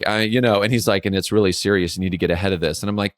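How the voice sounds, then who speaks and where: A man's voice: on the low side, fast, no echo, clean studio sound. A man in his forties co-hosting a podcast, telling stories in a casual chat and acting out quotes. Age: 40s. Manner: animated storyteller who acts out quotes; frequent filler "like". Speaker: podcast co-host.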